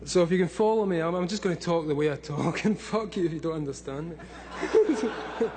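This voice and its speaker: Brief: drunk Scottish man in his thirties, high and loud, swearing through a live speech over a faint hum. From Scotland. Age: 30s. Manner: loud, swearing, laughing between lines. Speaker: convention speaker. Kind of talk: profane live talk to an audience.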